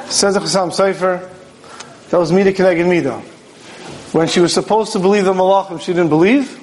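A man's voice: high voice, rough recording. A man, a rabbi, giving a Torah sermon in a storytelling manner, asking questions and acting out dialogue.

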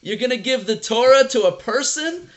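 A man's voice: fairly high pitch, lively intonation, unhurried. A man voicing a chorus of indignant angels who protest in outraged, incredulous questions, within a spoken lesson.

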